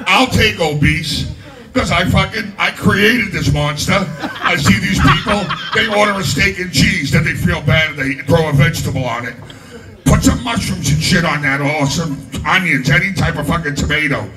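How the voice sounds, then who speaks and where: High-voiced man, stand-up comedian. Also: normal speed. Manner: crude, self-mocking, heavy swearing. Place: comedy club stage. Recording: distant mic in noisy club.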